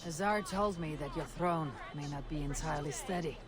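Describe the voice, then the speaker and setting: A woman's voice: deep voice, brisk, close to an everyday voice. An actress playing a confident, blunt Viking woman warrior in a video game. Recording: game audio over loud city ambience.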